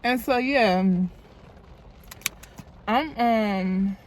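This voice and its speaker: A woman's voice: fairly high pitch, very slow. A young woman, telling a storytime in a loose, chatty, profane way into a phone camera while doing her makeup. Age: young adult. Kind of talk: casual storytime vlog.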